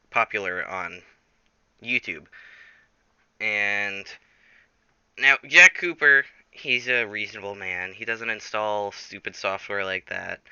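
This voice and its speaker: A man improvising a silly story, rambling and correcting himself as he goes. His voice is bright and smooth, with animated pitch. The sound is dry and slightly lo-fi. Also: no room sound. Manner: rambling, self-correcting, lively. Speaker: storyteller host.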